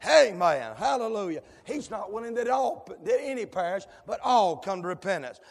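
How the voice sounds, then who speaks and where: A male preacher delivering a fiery sermon in rhythmic cadences, dotted with amens and sudden shouted whoops. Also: sits high, big pitch swings, normal speed, gravelly. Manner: rhythmic cadences punctuated with amen. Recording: long hall reverb.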